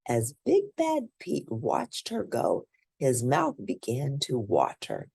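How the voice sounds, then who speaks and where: A woman reads a children's storybook aloud at a slow, unhurried pace. Her voice is very low, warm and gravelly. She swings her pitch up and down widely. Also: dry recording, clean studio sound. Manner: slow, expressive reading.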